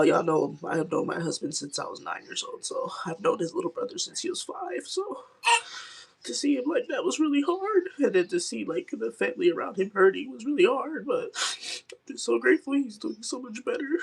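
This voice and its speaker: Gravelly, husky young woman streaming live. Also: medium pitch, animated, fairly quick. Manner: candid, rambling, many fillers. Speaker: livestream host. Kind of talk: casual live chat with viewers.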